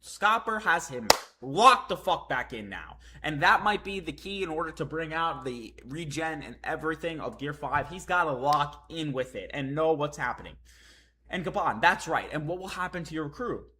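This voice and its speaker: Man, live comic read-along, hyped, profane, bright forceful voice, slightly high. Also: moderate pace. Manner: hyped, profane, excited reacting. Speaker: streamer reading a manga chapter.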